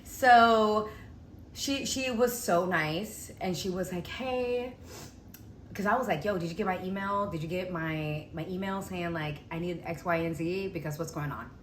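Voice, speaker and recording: A young woman telling a story in a casual vlog, chatty and animated, acting out the people she quotes. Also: on the low side, normal speed. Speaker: vlogger. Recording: echoey room with faint noise.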